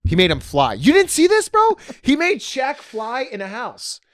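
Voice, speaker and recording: A man's voice: very high voice, normal speed, no echo, clean studio sound. A man co-hosting a casual podcast, telling stories with lots of acted-out bits. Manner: animated storyteller who acts out anecdotes. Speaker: podcast co-host. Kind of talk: casual chat.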